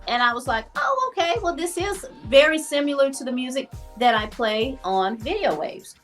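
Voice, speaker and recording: Animated storytelling woman, higher voice. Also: normal speed, faint music behind. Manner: animated, laughing, acts out quoted voices. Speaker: guest. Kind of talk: storytelling in a casual interview.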